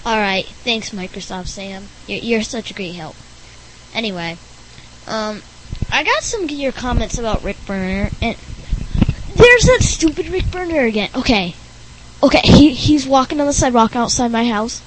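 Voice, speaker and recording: A woman's voice: a little high, lively intonation, slight background noise, poor audio. A woman hosting a playful homemade podcast, goofy and teasing. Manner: goofy, teasing, slow-talking. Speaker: podcast host.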